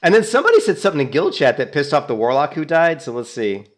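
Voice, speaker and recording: A man's voice: a little high, big pitch swings, fast. A man giving casual commentary on his gameplay, amused and retelling chat messages. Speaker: game streamer.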